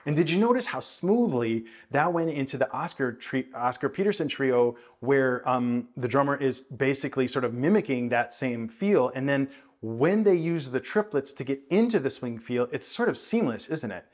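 A man's voice: medium pitch, animated, normal speed. A male music teacher in a video lesson, voice sitting in an ordinary middle register. He explains ideas in a thoughtful, hedging way and breaks into counted beats and scatted rhythms to demonstrate. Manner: counts and scats rhythms aloud while explaining. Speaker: jazz bass teacher.

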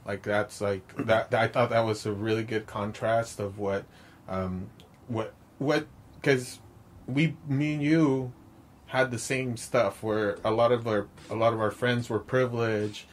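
A man's voice: fairly low pitch, fairly even intonation, measured pace, a little hiss or hum. A man co-hosting a podcast, retelling film scenes in loose, casual chat and swearing freely. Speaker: podcast co-host.

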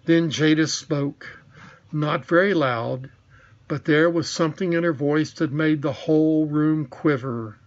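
A man's voice: a little high, unhurried. Man narrating a storybook, dull lo-fi sound. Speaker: audiobook reader. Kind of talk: scripted narration.

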